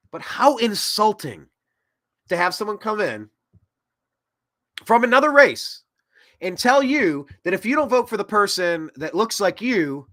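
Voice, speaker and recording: Male host, 30s, sarcastic rambling commentator, animated high-ish voice. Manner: rambling and sarcastic, with mocking put-on quotes. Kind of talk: opinionated political commentary.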